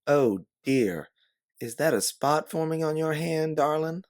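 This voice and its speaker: A man voicing a brisk, quick-witted woman time-traveler who barks orders and sometimes puts on a syrupy Southern act. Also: lowish voice, expressive. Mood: fake-sweet Southern. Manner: commanding, yelling orders.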